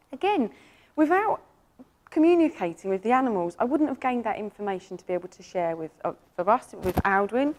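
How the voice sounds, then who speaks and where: An animal communicator, giving a lively, enthusiastic presentation and telling stories about pets to an audience. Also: female voice. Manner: animated, enthusiastic storytelling with sudden jumps up in pitch.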